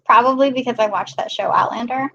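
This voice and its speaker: A woman's voice: fairly high pitch, quick pace, vocal fry, pushed and bright, dull audio. Chatty woman hosting a live stream. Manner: chatty, greets viewers by name. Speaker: live-stream host filling in. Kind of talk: casual live-stream chat.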